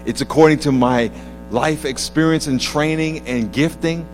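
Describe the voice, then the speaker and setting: A man preaching a sermon, telling stories with animated delivery that rises to loud exclamations. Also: fairly high pitch, normal speed, faint music behind, low-quality recording. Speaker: pastor.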